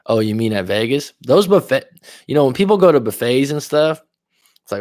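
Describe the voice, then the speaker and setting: Male life coach, mid-pitched, loose and profane livestream chatter, dry close sound. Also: animated, moderate pace, a little mellow, no room sound. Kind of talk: casual livestream chat reading viewer comments.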